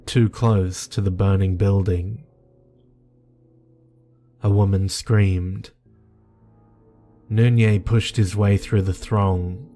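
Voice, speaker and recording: Male horror narrator: deep, unhurried, monotone delivery over faint background music. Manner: measured, grave storytelling.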